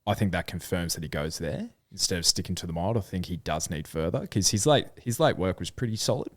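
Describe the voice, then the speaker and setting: Man, Australian accent, low-ish voice, lively pitch, dry close sound, casual chatty co-host. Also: quick pace, no room sound. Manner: animated, thinking aloud with fillers. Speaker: podcast co-host. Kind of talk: casual racing chat.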